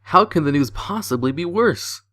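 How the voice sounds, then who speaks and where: A man's voice: on the high side, animated, moderate pace, a bit bright, no echo, pitched above the performer's own voice. A man voicing a worried male patient who asks anxious questions in a raised voice.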